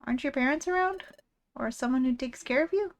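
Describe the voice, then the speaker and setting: A woman voicing a lonely, grieving psychic creature from a game who is gentle and protective, reading its lines in an earnest, soft-spoken way. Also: sits high, fairly quick. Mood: tender, worried. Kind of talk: reading game dialogue aloud.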